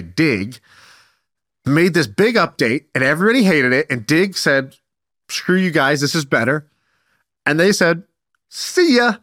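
Energetic male podcast host. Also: fairly high pitch, no echo, studio quality. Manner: energetic, animated retelling with quoted voices. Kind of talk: casual storytelling chat.

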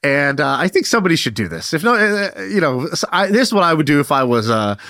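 Energetic male podcast host. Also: fairly high pitch, quick pace, dry recording, studio quality. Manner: energetic, animated retelling with quoted voices. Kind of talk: casual storytelling chat.

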